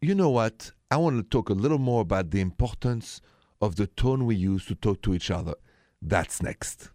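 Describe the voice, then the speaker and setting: A man with a French accent hosts a call-in radio show on relationships. He talks in a low, calm, soft-spoken way. The sound is dry and close. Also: moderate pace, dry recording. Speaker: radio relationship advice host.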